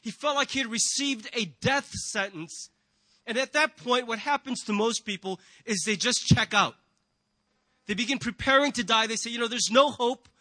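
A man's voice: extremely high pitch, moderate pace, pushed and bright, no room sound. A man preaching a sermon to a congregation in a church, earnest and emphatic, often asking rhetorical questions. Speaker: pastor.

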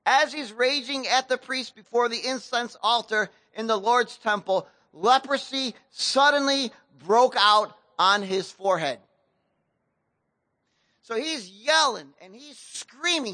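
A man pastor retelling a scripture story in relaxed, slangy speech, with a high and bright voice. He speaks with lively, animated emphasis. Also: no room sound. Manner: casual slang-laced preaching, animated storytelling. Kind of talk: sermon.

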